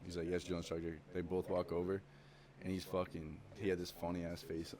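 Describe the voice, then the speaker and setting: Low-voiced young man swearing casually. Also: completely flat delivery, normal speed, warm tone. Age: young adult. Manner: swears constantly, rambling with many fillers. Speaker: podcast guest. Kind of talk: casual chat.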